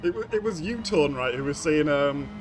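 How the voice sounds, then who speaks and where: A young man streams a racing game, chatting casually with viewers, greeting them by name and laughing often. His voice sits on the high side, animated and at a normal speed, with the game's engine noise running behind him.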